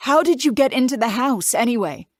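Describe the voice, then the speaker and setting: A woman's voice: lively intonation, fairly quick, no echo, studio quality. Woman reading a frightened pleading young wife. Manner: pleading, strained high tone.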